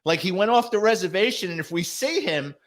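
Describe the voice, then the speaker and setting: A middle-aged man with a New York accent, a retired detective telling profane, animated stories in an interview. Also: sits high, brisk. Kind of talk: storytelling interview.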